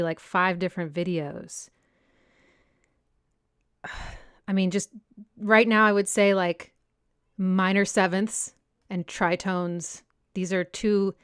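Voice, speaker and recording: This young woman hosts a music analysis channel and leads a casual livestream Q&A, chatting smoothly as she reads viewer comments and answers them. Her voice is on the low side, picked up by a close, dry personal desk mic with no room sound.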